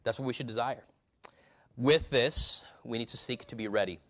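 A male pastor preaching a sermon, emphatic, swinging between loud and hushed delivery. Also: medium pitch, moderate pace.

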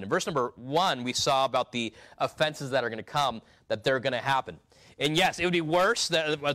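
A male pastor preaching a sermon, emphatic, swinging between loud and hushed delivery. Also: medium pitch.

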